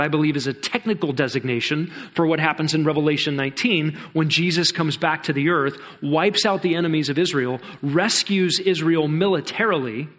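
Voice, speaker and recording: A man's voice: on the high side, a bit bright. A man teaching a Bible study in an earnest, step-by-step way, asking rhetorical questions as he explains.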